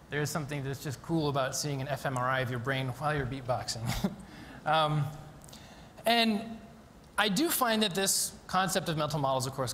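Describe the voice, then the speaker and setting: A man's voice: a little high, fairly bright tone, slight background noise. A man giving a live conference talk, explaining a demonstration eagerly with frequent ums and restarts, in a university lecture hall. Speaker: conference speaker.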